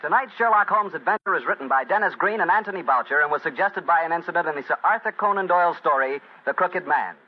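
A man's voice: fairly high pitch, fast talker, few pauses. A man announcing a 1940s radio show in a genial, chatty manner. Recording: dull old radio broadcast.

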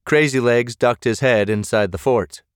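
A man reading scripted narration for an audiobook at a measured pace. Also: medium pitch, smooth, dry recording, studio quality.

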